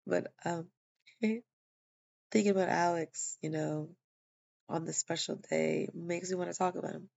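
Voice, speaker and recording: A woman tells a personal story in a loose, rambling way, stopping often on fillers and restarts. She is tired and yawning, and her voice is strongly gravelly with constant fry. The recording is dull and lo-fi. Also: fairly low pitch, fairly even intonation, unhurried, pauses often, a little mellow. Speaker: vlogger sharing a personal testimony.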